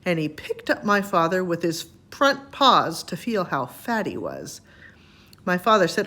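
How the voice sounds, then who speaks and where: A woman reading a children's chapter book aloud to her grandchildren, expressive and homely. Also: lowish voice, a little slow.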